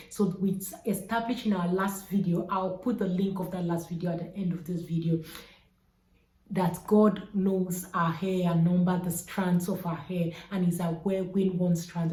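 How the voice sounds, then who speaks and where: A woman talks straight to her viewers about hair care, earnest and emphatic, returning again and again to her main points. Her voice sits low and mellow. The room around her rings with a noticeable echo. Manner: emphatic, repeats key points, warmly urging. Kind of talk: earnest advice vlog.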